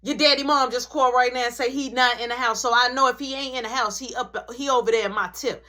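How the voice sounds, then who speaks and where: A woman voicing her mother, who calls loudly and sharply demanding to know where her son is. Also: a little high, fairly even intonation, fast talker. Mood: suspicious. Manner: loud, sharp and questioning. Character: angry mother, suspicious and sharp.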